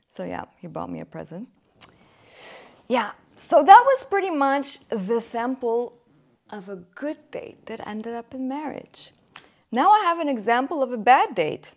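Lively, chatty woman podcast host. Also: mid-range voice, a little slow, vocal fry. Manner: chatty, candid, animated storytelling with acted quotes. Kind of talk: casual chat about dating. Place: Germany.

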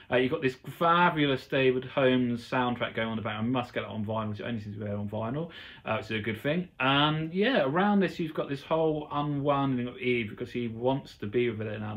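A man hosting his own podcast, giving a chatty, rambling, enthusiastic review of a TV episode. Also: mid-range voice. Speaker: podcast host. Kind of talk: casual solo TV review.

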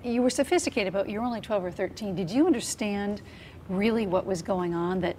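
A woman interviewing a guest for a local TV news segment, asking gentle, probing questions. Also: mid-range voice, fairly quick, slight background noise.

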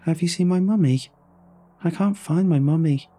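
A man's voice: a little high, moderate pace, mellow, pitched above the performer's own voice, natural voice. A man voicing an eerie little girl who is soaking wet and lost, speaking in a tiny voice with no emotion. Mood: hollow, lost.

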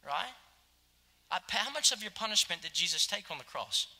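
A male pastor preaching a passionate sermon, swinging from loud exclamations to hushed, quiet asides. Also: sits high, big pitch swings, moderate pace, vocal fry. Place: church sanctuary. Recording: long hall reverb.

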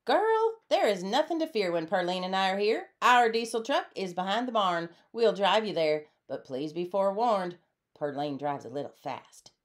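A woman voicing a gentle, refined female armadillo who is a fairy godmother, speaking properly and kindly. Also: mid-range voice, expressive, normal speed, natural voice. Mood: reassuring.

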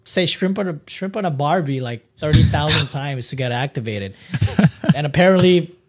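A man co-hosting a casual podcast, joking around in a playful way. His voice sits a little high and swoops through a wide, lively range as he talks. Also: normal speed. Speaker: podcast co-host.

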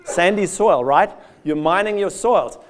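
A man giving a lively, conversational field day presentation with slides, addressing farmers directly and joking at his own expense. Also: high-pitched, measured pace. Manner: lively with self-deprecating asides. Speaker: soil health speaker.

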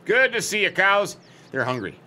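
Lively, bright-voiced man rambling. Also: high voice, normal speed, a little hiss or hum. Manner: rambling, folksy, jokey, self-interrupting. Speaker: let's play host. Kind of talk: role-play farming game commentary.

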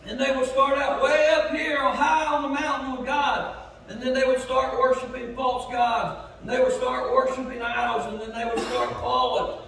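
A man preaching a revival sermon as pastor, swinging between loud urging and low asides. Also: a little hiss or hum. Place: church sanctuary. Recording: echoey church hall from far off.

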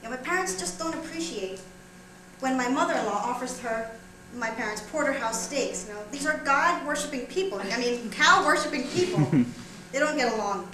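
Lively high-voiced woman doing stand-up. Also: brisk. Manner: chatty, teasing, jokes with the audience. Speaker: comedian. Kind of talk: stand-up comedy monologue. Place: small theater stage. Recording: roomy live room with audience.

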